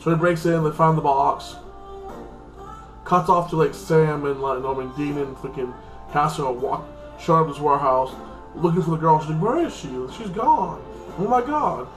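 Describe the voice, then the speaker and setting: A channel host recaps a TV episode in a loose, casual, rambling way, his speech heavy with fillers like "like" and "freaking." His voice is a little high and a bit bright, with a steady tone at normal speed. The room sounds echoey, and faint music plays underneath.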